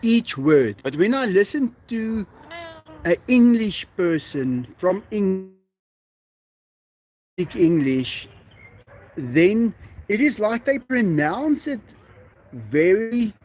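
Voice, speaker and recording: Slow-talking South African man, chatty. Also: sits high, very animated, a little mellow. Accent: South African Afrikaans. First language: Afrikaans. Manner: chatty, laughs often. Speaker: livestream host. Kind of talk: casual livestream chat reading viewer comments.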